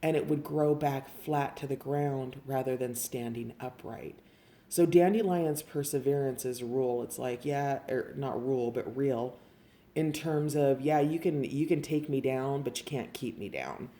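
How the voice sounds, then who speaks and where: A woman giving an intuitive tarot reading, gentle and emotional, speaking directly to the viewer. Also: a bass voice, unhurried. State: tearful. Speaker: tarot reader.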